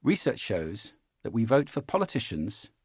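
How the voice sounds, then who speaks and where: Animated male voice coach. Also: moderate pace, slightly rough, no echo, studio quality. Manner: demonstrates pitch shifts, animated. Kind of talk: spoken lesson.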